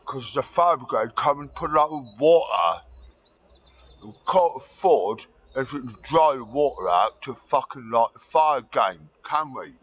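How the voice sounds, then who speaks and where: A man's voice: medium pitch, expressive, a little slow, a little hiss or hum. Sweary ranting Geordie man, lo-fi. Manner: sweary, ranting, mutters and then shouts. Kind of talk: profane rambling monologue.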